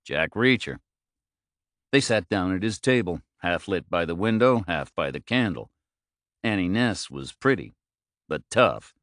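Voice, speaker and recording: Deep-voiced male audiobook narrator. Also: expressive, fairly bright tone, no echo, studio quality. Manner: measured, clipped phrasing.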